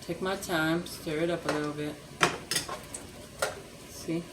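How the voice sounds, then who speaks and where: A woman's voice: low voice, steady tone, slow. Chatty older woman in a noisy kitchen. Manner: chatty and rambling, talks to viewers as she works. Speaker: cooking vlog host. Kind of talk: casual cooking demonstration. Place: home kitchen. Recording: noisy kitchen with clattering pans.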